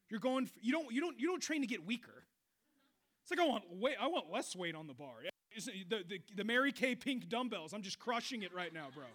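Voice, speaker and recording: A middle-aged man preaches with a high, bright voice. He is animated, bursting into loud exclamations and then dropping to quiet, low passages. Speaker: pastor. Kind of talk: sermon.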